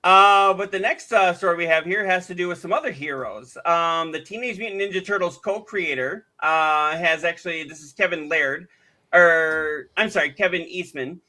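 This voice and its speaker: A high-voiced man co-hosts a casual podcast chat. His tone is bright and forward, and he tells animated stories, jumping into the voices of the people he quotes. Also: moderate pace. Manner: animated storyteller, acts out quotes. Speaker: podcast co-host.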